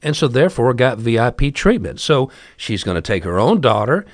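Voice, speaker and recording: Animated wry male storyteller. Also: medium pitch, a little fast, no room sound. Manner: wry, chatty, asides to the listener. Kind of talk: casual spoken storytelling.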